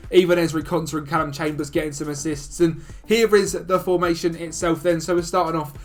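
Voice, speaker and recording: Male video host, casual commentary, chatty and upbeat, slightly high voice. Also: level tone. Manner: chatty, upbeat, talks fast through stats. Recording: faint music behind.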